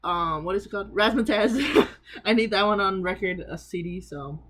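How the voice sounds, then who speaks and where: A woman's voice: fairly low pitch, brisk, fairly bright tone. A young woman vlogging in a casual, rambling way, poking fun at herself and laughing often as she shows off her collection. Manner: chatty, rambling, self-mocking, laughs often. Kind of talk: casual chat showing off a collection.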